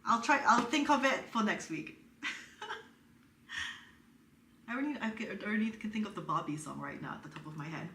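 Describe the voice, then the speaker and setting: A young woman co-hosts a live podcast, chatting casually and laughing often. Her voice is bright and sits at a middle pitch. The room is echoey and she is a little away from the mic. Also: animated, normal speed, long pauses, far from the mic, a little hiss or hum. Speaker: podcast co-host. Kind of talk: casual chat.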